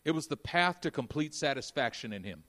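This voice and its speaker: A man preaching a sermon, moving between quiet intimate passages and loud, fervent stretches. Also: mid-range voice, lively intonation, fairly quick. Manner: dynamic, swings from hushed to shouting.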